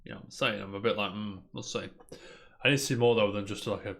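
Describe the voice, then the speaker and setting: Co-hosting a casual gaming news podcast, a man rambles cheerfully and chattily, peppering his talk with "mate" aimed at his co-host. His voice sits on the low side, gravelly yet fairly bright, rapid-fire with fairly even intonation.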